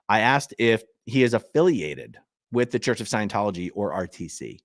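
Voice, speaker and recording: A man's voice: fairly low pitch, animated, moderate pace, no echo, clean studio sound. A man hosting his channel, reading legal documents aloud and stopping for chatty asides to his viewers. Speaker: channel host.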